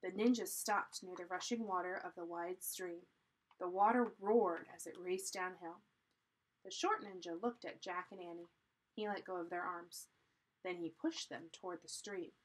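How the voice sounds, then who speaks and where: A woman reading a children's chapter book aloud in a deliberate, teacherly way, pausing to explain. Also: on the low side, steady tone, low-quality recording. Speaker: storybook reader.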